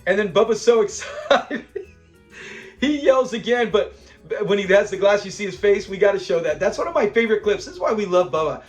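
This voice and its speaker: A man's voice: high voice, lively intonation, brisk, soft background music. A man hosting a casual breakdown of a classic sitcom episode, chatty and enthusiastic, often laughing as he recaps scenes. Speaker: show review host.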